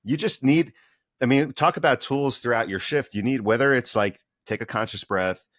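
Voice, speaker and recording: A man's voice: medium pitch, normal speed, a bit bright, no echo, studio quality. A man, a mindfulness coach, speaking as a podcast guest in an earnest, upbeat coaching manner. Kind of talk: casual interview chat.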